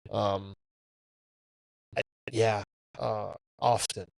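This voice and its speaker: A man co-hosting a podcast, chatting casually, halting and repeating himself with frequent fillers. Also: on the low side, level tone, vocal fry, dry recording, poor audio. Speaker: podcast co-host. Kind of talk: casual chat.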